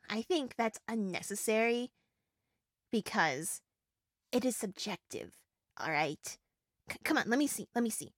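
A woman's voice: a little high, animated, unhurried, pauses often, dry recording, clean studio sound. A young woman voicing a small, chatty female fairy who grants wishes, giggling, rambling and stammering through many fillers in an audio role-play. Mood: flustered.

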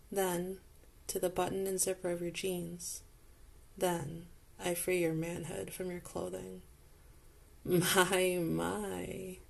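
A woman narrating an intimate second-person audio role-play in a soft, slow, close manner. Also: lowish voice, gravelly.

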